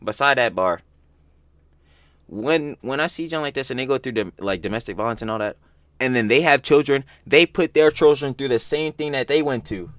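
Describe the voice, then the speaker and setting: A man's voice: medium pitch, normal speed, a bit bright. A young man hosting a reaction video, ranting heatedly with profanity and repeated exasperated outbursts. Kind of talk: casual reaction commentary.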